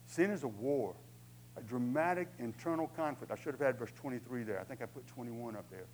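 A pastor with a medium-pitched, darkish voice speaks a little fast, preaching a sermon conversationally and humorously acting out inner voices. The audio is poor, with a bit of hiss or hum.

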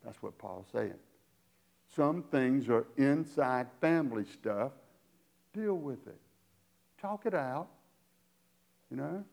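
A man's voice: fairly high pitch, creaky, a little mellow. A middle-aged man preaching a sermon in a conversational way, with sarcastic asides. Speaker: pastor.

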